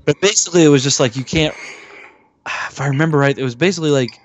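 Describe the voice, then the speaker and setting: Talking fast in a voice on the high side, this male podcast co-host gives a loose recap of a horror film. His delivery wanders, packed with fillers and profanity, and he often performs the movie's lines.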